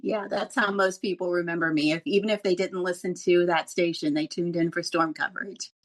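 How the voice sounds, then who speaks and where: A woman's voice: fairly low pitch, brisk. A middle-aged woman, a former radio news reporter, telling stories in a casual interview and laughing often. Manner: animated storyteller who laughs often.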